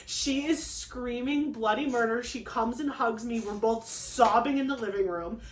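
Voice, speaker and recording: A young woman hosting a casual vlog, telling a story in an excitable, rambling way with lots of fillers and acted-out quotes. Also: fairly high pitch, normal speed. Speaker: craft channel host. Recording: echoey room.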